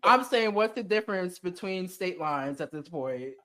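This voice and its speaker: A man with a New York accent talks in a loose, opinionated podcast chat. His voice sits a bit high, and he sounds animated and playful. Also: normal speed. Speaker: podcast co-host. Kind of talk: casual chat.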